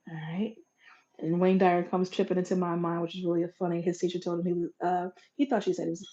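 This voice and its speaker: Woman doing a folksy pep talk, mellow low voice, goes quiet then loud, muffled lo-fi sound. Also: fast. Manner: animated, folksy, swings from loud bursts to soft whispers. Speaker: podcast host. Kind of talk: motivational monologue. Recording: dull lo-fi recording.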